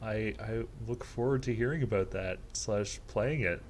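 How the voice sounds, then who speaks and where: A man's voice: fairly low pitch, normal speed, slight background noise. A man reading a game aloud on a livestream, with playful, laughing asides. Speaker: streamer. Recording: loud game music behind.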